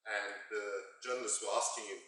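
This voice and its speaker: A man's voice: fairly low pitch, fairly even intonation, moderate pace, distant mic, heavy background noise. A South African man in his fifties giving a humorous, self-deprecating keynote speech at a conference. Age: 50s. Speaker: keynote speaker. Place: large lecture hall. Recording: echoey hall, mic from afar.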